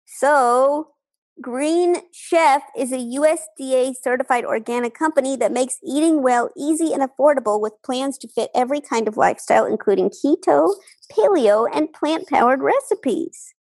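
A woman's voice: high-pitched, moderate pace, a little mellow. A woman co-hosting a comedy podcast over a video call, keeping the chat moving and reading an ad. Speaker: podcast co-host. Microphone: remote call microphone.

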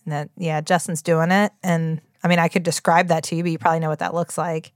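A woman with a West Virginia accent, in a slightly low voice, talks casually as a podcast co-host. She rambles, restarts her sentences and fills the gaps with "like" and "um." The sound is dry and close. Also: little pitch movement, fast talker, no echo. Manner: chatty, rambling, full of fillers and restarts. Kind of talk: casual chat.

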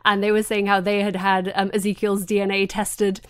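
A woman's voice: mid-range voice, a little fast, clear, resonant tone, no room sound, clean studio sound. A woman co-hosting a wrestling podcast in casual chat, joking and laughing often. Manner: laughs often, jokey, animated. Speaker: podcast co-host.

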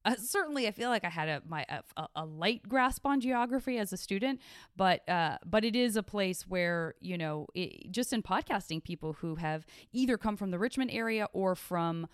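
Casting: woman podcast host, chatty and self-interrupting, smooth clear voice. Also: mid-range voice, lively intonation, moderate pace, no room sound, clean studio sound. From Arizona. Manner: rambling, self-interrupting, playful. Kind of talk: casual interview chat.

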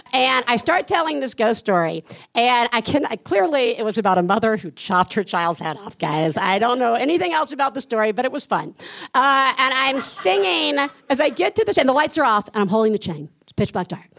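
A woman co-hosting a live podcast on stage, telling a childhood story with lively acted-out screams and chants. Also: a little high, a little fast, vocal fry. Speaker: podcast co-host. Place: live stage before an audience.

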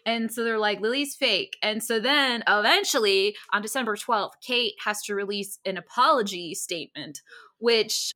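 A woman co-hosting a podcast, telling a story in casual chat, animated, laughing often and full of fillers. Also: mid-range voice, moderate pace. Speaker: podcast co-host.

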